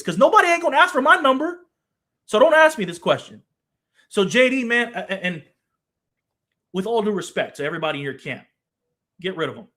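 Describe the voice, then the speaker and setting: A man's voice: high voice, fairly bright tone. A man in his twenties hosting his own show, giving a passionate, blunt opinion monologue with casual slang and swearing, talking straight to the person he criticizes. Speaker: show host, former football player.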